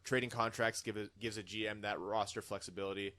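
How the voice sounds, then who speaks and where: A man's voice: fairly low pitch, steady tone, quick pace, pushed and bright. A man hosting a casual podcast, reading listener comments aloud in a chatty way. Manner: chatty, reads comments with put-on dramatic voices. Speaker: podcast host.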